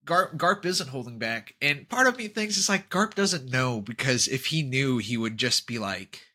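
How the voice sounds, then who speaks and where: A man co-hosting a podcast in casual chat, animated and quick to laugh and go off on tangents. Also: mid-range voice. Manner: animated, laughing, jumps into tangents and jokey impressions. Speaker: podcast co-host.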